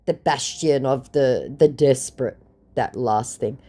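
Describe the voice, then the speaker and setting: A woman's voice: very deep voice, a little slow, warm tone, slightly rough. An Australian woman recounting chat logs in a comedic way, with dry, sarcastic asides. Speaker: scambaiting storyteller.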